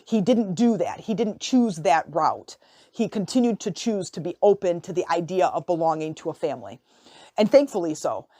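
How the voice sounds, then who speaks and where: Expressive woman telling a personal story. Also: on the low side, normal speed, no room sound. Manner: expressive, lively storyteller with sudden excited rises; conversational with fillers and restarts. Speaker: podcast host and life coach.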